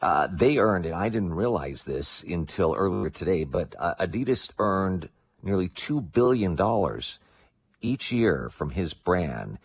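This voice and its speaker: A man working as a news correspondent, reporting live over the phone in a conversational, halting way with fillers and repeats. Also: sits low, animated, slight background noise. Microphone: telephone. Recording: tinny phone line.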